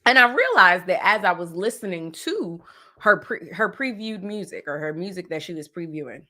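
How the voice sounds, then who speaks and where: A woman from New Jersey hosting a casual pop culture podcast, animated and playful, sometimes slipping into jokey made-up song parodies. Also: on the low side, moderate pace. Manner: animated, playful, breaks into sung parody bits. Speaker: podcast host.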